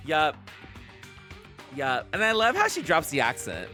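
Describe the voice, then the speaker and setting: A woman streaming a video game, chatting excitedly with her viewers and laughing often. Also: sits low, a little slow, soft background music. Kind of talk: casual live-stream commentary.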